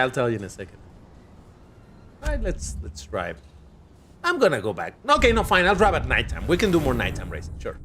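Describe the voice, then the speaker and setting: Lively, chatty young man streaming. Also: medium pitch. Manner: animated, chatty, talks to viewers and his cat. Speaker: racing game streamer. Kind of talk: casual live-stream commentary.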